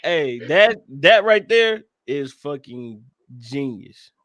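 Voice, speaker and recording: A man's voice: a little high, sing-song, slow, a bit bright, no echo, studio quality. A man co-hosting a casual movie podcast, talking emphatically and with lots of profanity. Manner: emphatic, profane, keeps saying "you know what I'm saying". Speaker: podcast co-host. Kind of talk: casual movie-review chat.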